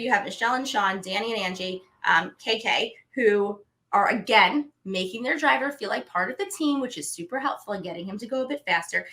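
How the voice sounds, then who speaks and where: Chatty bright-voiced woman podcast host. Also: on the high side. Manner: chatty, animated recapping. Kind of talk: casual chat.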